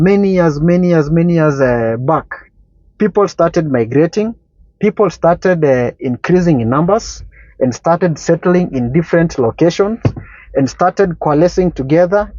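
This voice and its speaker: Kenyan man, fairly high voice, deliberate explainer with fillers; dull, dry, slightly lo-fi recording. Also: darkish tone, no room sound. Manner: deliberate, with many fillers and pauses. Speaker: community speaker. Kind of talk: casual explanatory talk.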